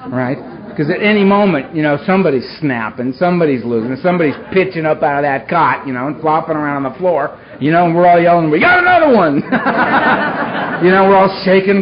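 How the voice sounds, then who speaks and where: A man giving a raw, dramatic recovery talk to a live audience, with dark humor and a street-casual way of speaking. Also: a little high. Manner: street-casual, peppers speech with "man" and "you know". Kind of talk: personal recovery story told to a live audience. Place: meeting hall with a live audience. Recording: dull, lo-fi live talk recording with faint hiss.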